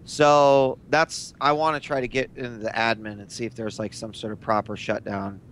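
Casual man with faint rumble behind. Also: flat delivery, normal speed, fairly bright tone. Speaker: player. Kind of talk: casual tabletop role-play.

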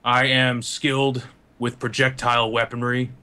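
A man's voice: little pitch movement, bright, forceful tone, lightly acted. Man doing a glitchy giant soldier android. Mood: stiff, polite. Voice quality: deep slow voice that jumps in pitch.

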